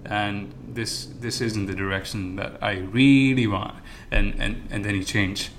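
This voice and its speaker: A man's voice: fairly low pitch, fairly even intonation, measured pace, a bit bright, a little hiss or hum. A man hosting an interview, asking long, rambling questions full of restarts and fillers. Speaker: podcast host.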